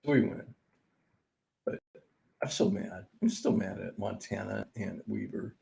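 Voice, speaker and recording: A man's voice: on the low side, measured pace, vocal fry, dark tone. A man hosting a sports-picks recap, going over college basketball scores in an exasperated, sarcastic rant. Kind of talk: ranting sports betting recap.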